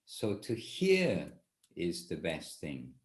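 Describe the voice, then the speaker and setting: Low-voiced man teaching an informal class. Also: huge pitch swings, slow. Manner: rambling, self-correcting, with restarts. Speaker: spiritual teacher leading a class.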